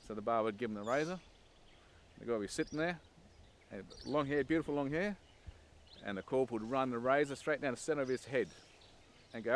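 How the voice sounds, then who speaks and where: A gravelly-voiced man in his fifties tells a documentary interviewer about his recruit days in a casual, wry, rambling way. His pitch is ordinary for a man. Faint outdoor ambience with birds sits behind him. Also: fairly quick, pauses often, slight background noise. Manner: casual, wry storytelling with frequent "um" and "and". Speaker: former army recruit, interviewee. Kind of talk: documentary interview, anecdotal recollection.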